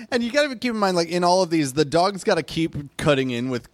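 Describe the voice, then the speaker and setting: A man's voice: sits high, no echo. A man co-hosting a comedy podcast, improvising a silly movie plot with friends and laughing often. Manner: animated, laughing, trades quick jokes and voices. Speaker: podcast co-host.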